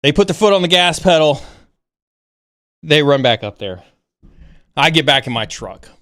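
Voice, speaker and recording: A man hosting a livestream, casually telling a story in an animated way with many halting restarts. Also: no room sound. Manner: animated, rising pitch when excited. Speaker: livestream host.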